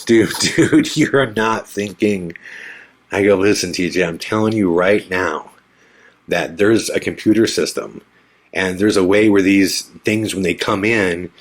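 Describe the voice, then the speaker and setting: A man with a low, deep voice tells a story from his own past on his podcast. He talks casually and acts out the back-and-forth lines with animated, shifting delivery. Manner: animated, acts out quoted dialogue. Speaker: podcast host.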